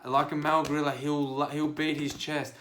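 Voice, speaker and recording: A man hosting a podcast, speaking casually and directly to his listeners in a preachy, animated monologue of advice. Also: fairly high pitch, a little fast, slight background noise. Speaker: podcast host and life coach.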